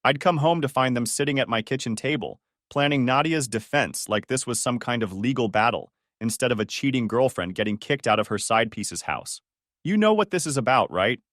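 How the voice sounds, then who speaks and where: A man's voice: medium pitch, brisk, hardly any pauses, a bit bright, no room sound. A young man narrating his own story in a dry, sardonic tone. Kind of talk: scripted first-person story narration.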